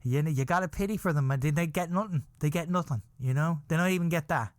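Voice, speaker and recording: A man's voice: fairly high pitch, fast talker, no echo, studio quality. A man hosting a podcast, telling a rambling comic story about himself and often laughing at his own words. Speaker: podcast host.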